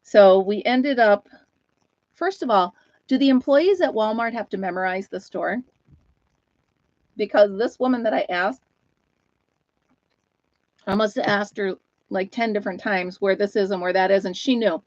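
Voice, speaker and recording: A chatty woman hosting a casual live stream, rambling through her stories and pausing to greet viewers by name. Her voice is close and dry with no room around it, and the sound is a little dull and lo-fi. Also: medium pitch, a little mellow, dry recording. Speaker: host of a live chat stream.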